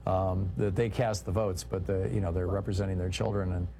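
A man's voice: low voice, little pitch movement, a little fast, warm tone, faint music behind. A man hosting a call-in talk radio show, chatting casually with callers and correcting them.

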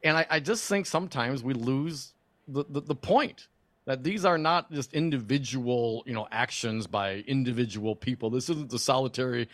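A man's voice: mid-range voice, normal speed, no echo. Laid-back stammering male co-host. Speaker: radio co-host. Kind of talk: casual radio banter.

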